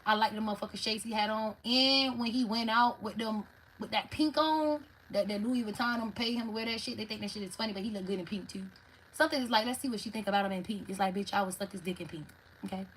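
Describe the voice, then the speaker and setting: A woman doing a casual tarot reading, talking straight to her viewers in a blunt, profane, animated way. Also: on the high side, fast talker, a little hiss or hum, rough recording. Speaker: tarot reader.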